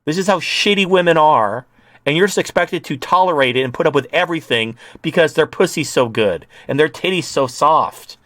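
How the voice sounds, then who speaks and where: A man's voice: a little high, animated, brisk, fairly bright tone, no room sound, studio quality. A man hosting an online commentary show, ranting in a profane, heated way.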